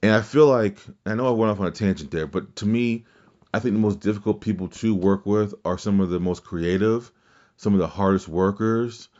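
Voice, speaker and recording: On a casual wrestling podcast, the host talks fairly quickly in a lowish, slightly mellow voice over lo-fi audio. His rambling, profane opinions come with frequent restarts and mimicked quotes.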